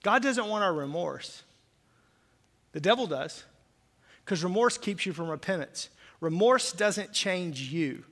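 Impassioned high-voiced preacher in a reverberant hall. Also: male voice, expressive, a little slow, long pauses. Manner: impassioned, rising to loud emphatic peaks then dropping to hushed intensity. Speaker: pastor. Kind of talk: sermon. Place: church sanctuary.

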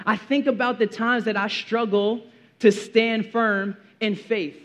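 A man's voice: high voice, measured pace. A young man preaching a sermon in a casual, slangy way, now and then acting out a movie scene. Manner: casual slang, animated, acts out movie quotes. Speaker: pastor.

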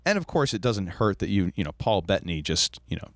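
Casting note: lively low-voiced man, podcast co-host, dry close sound. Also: brisk, no room sound. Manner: animated, jumps up high for quoted lines. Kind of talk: casual chat about TV.

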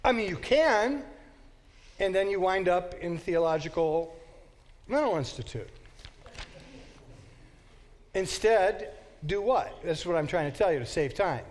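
A man teaching a Bible class in an animated way, quizzing his students with quick questions. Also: sits high.

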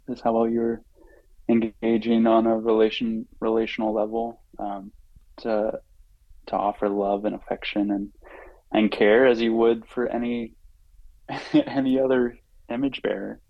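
A man, a podcast guest, telling a story in an earnest, halting way with frequent fillers and restarts. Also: fairly low pitch, gravelly, a little mellow, no room sound, rough recording. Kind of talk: reflective conversational storytelling.

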